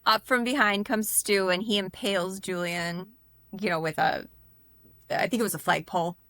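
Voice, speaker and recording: A woman's voice: medium pitch, steady tone, moderate pace, a bit bright, no echo. A woman co-hosting a podcast, retelling film scenes in a laid-back way. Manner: laid-back, laughs through her retelling. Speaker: podcast co-host. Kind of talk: casual movie recap chat.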